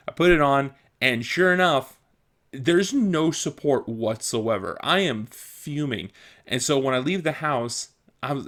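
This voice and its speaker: A young vlogger with a mid-range, fairly bright voice vents casually on camera. Exasperated and self-mocking, he keeps laughing at his own frustration.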